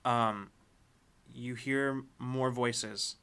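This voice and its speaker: A man narrating a tabletop role-playing game as game master. He describes scenes in a halting way, with frequent fillers and restarts. His voice is bright and sits at an ordinary pitch. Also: fairly even intonation, clean tone.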